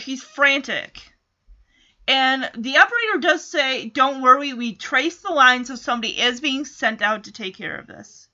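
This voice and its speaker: A woman with a high, sharp, bright voice gives a chatty, animated recap of a TV episode. She acts out snippets of dialogue as she goes. The recording sounds dull and lo-fi. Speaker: show recapper.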